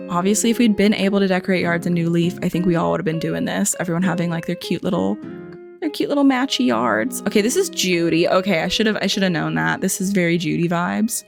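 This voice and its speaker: A woman's voice: on the low side, creaky. A woman giving a casual, chatty tour of a game island, full of "like" and "um", joking playfully at the characters. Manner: chatty, lots of "like" and "um" fillers. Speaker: gaming video host. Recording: faint music underneath.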